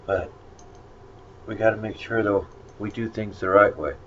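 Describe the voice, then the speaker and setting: A man's voice: fairly low pitch, sing-song, a little slow, pauses often. A man giving a casual Bible lesson, rambling and conversational with many fillers. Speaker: Bible study teacher. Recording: dull lo-fi recording with faint noise.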